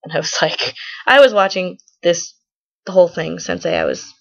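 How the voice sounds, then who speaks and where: A woman's voice: lowish voice, wildly swooping pitch, normal speed, gravelly, muffled recording. A teenage girl vlogging, retelling a falling-out with a friend in a rambling, gossipy way. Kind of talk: casual storytelling to camera.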